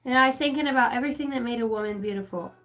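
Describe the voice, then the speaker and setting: A woman's voice: fairly high pitch, rapid-fire, a bit bright, a little hiss or hum, poor audio. Profane rambling woman reading tarot. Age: 30s. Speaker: tarot channeler.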